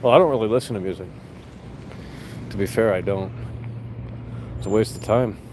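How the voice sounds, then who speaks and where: A man's voice: on the low side, moderate pace, darkish tone, a little hiss or hum. A young man hosting a livestream, chatting casually to viewers in a rambling, sarcastic, profane way from a car. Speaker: livestream host. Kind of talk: casual livestream chat reading viewer comments.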